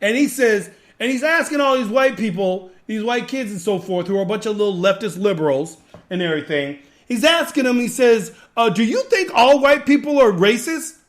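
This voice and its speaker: A man's voice: high-pitched, expressive, brisk, fairly bright tone. A man hosting a podcast, giving an emphatic, repetitive, preachy rant to his viewers. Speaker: podcast host. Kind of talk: ranting commentary.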